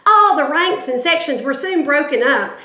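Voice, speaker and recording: A woman reading the words of a frontier militiaman, emphatic and excited. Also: sits high, normal speed, echoey room, voice pushed up. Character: boisterous frontier militiaman recalling battle.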